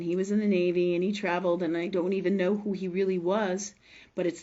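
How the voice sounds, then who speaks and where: A woman's voice: a little high, darkish tone, lo-fi sound. A middle-aged woman hosting a live spiritual health show, telling a story emotionally and emphatically, swearing freely and often asking "right?".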